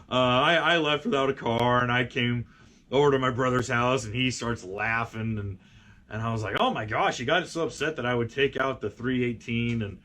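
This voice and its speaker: A middle-aged man hosting a car show, casually telling a story to camera with many fillers and restarts, and lively when he quotes people. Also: medium pitch. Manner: rambling, frequent fillers and restarts, animated when quoting people. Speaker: magazine editor and show host.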